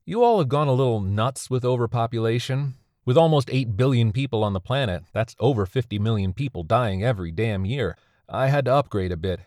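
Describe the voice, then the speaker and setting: A man's voice: medium pitch, expressive, brisk, a little mellow, no echo, close to an everyday voice. A man voicing a sardonic woman who captains an underworld ferry, speaking in a dry, weary, matter-of-fact way.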